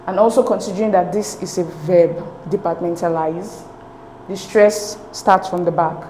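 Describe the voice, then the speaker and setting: A woman's voice: fairly low pitch, normal speed, dark tone. A woman teacher explaining exam answers step by step, patient and methodical, often checking in with "okay?". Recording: echoey room with faint noise.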